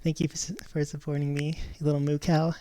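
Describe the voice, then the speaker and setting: A woman's voice: deep voice, flat delivery, fast, dark tone, no echo. A woman chatting casually on her live stream, rambling and giggling, often restarting her sentences.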